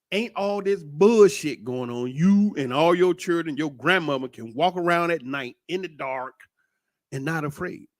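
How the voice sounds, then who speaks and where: Man, middle-aged, animated preachy monologue, higher voice that swings widely, dry close sound. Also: normal speed, no room sound. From United States. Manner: animated, preachy, swearing freely. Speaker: commentator. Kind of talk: casual monologue.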